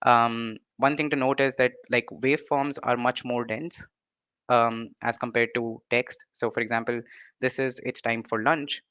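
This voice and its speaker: A man's voice: medium pitch, little pitch movement, fairly bright tone, smooth, no room sound. A young man with an Indian accent, giving an online lecture, full of fillers and restarts and often checking in with "right?". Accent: Indian English. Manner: halting, many fillers and restarts, ending points with "right?". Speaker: presenter.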